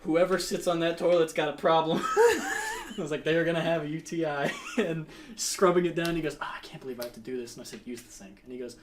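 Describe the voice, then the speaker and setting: A man's voice: fairly high pitch, fast, few pauses, noisy background. A young man chatting casually and telling a story, laughing often and acting out what people said. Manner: animated, laughing often, acts out quotes.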